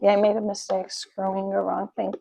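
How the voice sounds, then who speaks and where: A woman's voice: mid-range voice, monotone, a little fast, creaky, dark tone, no room sound, rough recording. A woman in her forties telling a personal story in a casual vlog, chatty and rambling with many fillers while she works with her hands. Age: 40s. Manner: talks while doing a task with her hands. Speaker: vlogger.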